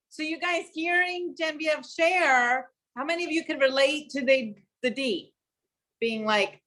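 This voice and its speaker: High-voiced woman hosting a live stream. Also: measured pace, a bit bright. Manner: enthusiastic, asks the audience questions. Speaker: host.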